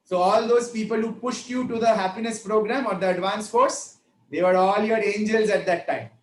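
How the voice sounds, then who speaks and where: Brief: man, spiritual teacher, chatty devotional storytelling; high voice, echoey room. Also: fairly even intonation, normal speed. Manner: conversational, checks in with listeners.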